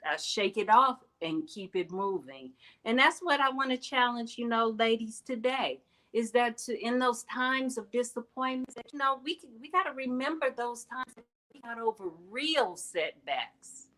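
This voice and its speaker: Middle-aged woman, host, bright voice, earnest candid motivational talk, emphatic rises. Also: fairly high pitch, animated, normal speed, rough recording. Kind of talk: heartfelt motivational talk to viewers.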